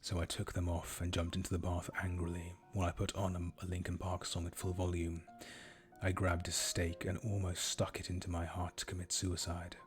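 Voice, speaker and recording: A man streaming himself reading fan fiction aloud in a deadpan, low-key way. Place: home streaming setup.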